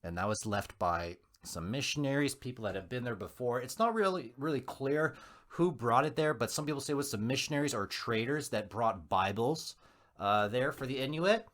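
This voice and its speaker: A man's voice: medium pitch, expressive, normal speed, a bit bright. A male podcast host telling a story in a casual, joking way.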